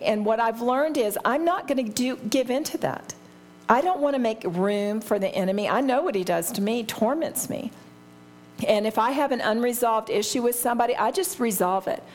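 A middle-aged woman teaching a Bible study in a candid, conversational way, often laughing at herself. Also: on the high side.

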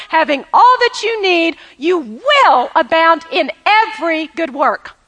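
A woman's voice: very high voice, lively intonation, unhurried, sharp tone. A woman preaching a sermon to a women's audience, emphatic and repetitive, calling on them to say lines back to her. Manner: emphatic, repeats key phrases, has the audience repeat after her; laughs now and then while preaching. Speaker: women's ministry speaker.

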